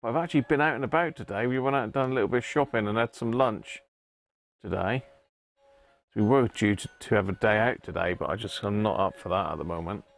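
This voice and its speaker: Chatty man with a gravelly voice. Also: on the low side, fairly quick. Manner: chatty, greets viewers by name, laughs often. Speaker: livestream host. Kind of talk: casual live chat with viewers.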